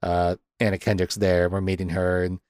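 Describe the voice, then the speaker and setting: Low-voiced and brisk, this man hosts a podcast about movies, recounting scenes with lots of laughter and performed quotes. The sound is clean and studio quality, with no room sound.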